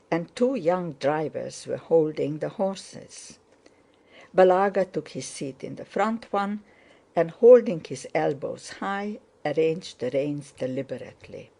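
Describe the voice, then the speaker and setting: A woman narrating a classic novel in a measured, even manner. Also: low voice, creaky. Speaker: audiobook narrator. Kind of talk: scripted narration.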